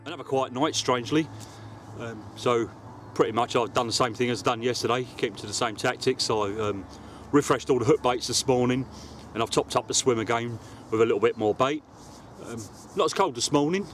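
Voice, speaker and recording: A man's voice: mid-range voice, a little fast, a bit bright, slight background noise. A man chatting casually to camera as he fishes by a lake, explaining his tackle as he goes. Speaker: angler vlogger. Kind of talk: casual outdoor fishing vlog. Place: outdoors by a lake.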